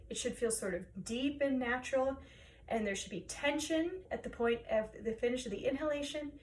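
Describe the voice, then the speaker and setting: A woman choir director guiding singers through breathing and vocal warm-up exercises, encouraging them step by step. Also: on the high side, far from the mic, slight background noise.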